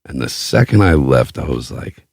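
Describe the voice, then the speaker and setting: Deep-voiced, profane, boastful man. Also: normal speed, vocal fry, breathy edge, dry recording, studio quality. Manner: profane, boastful and animated, with quoted outbursts. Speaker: podcast host. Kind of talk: casual storytelling chat.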